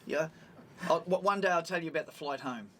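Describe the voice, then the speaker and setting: A man's voice: a little high, brisk, fairly bright tone. Older Australian man telling rambling stories. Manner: rambling, exasperated anecdote-telling with restarts. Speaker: podcast co-host. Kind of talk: casual chat, storytelling.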